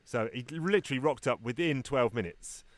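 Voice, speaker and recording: A man co-hosts a podcast and rattles off stories at a fast clip. He slips into the voices of the people he is quoting. The sound is dry and close, with no room around him. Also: mid-range voice, no room sound. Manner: rambling anecdotes with voiced quotes. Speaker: podcast co-host. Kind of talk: casual chat.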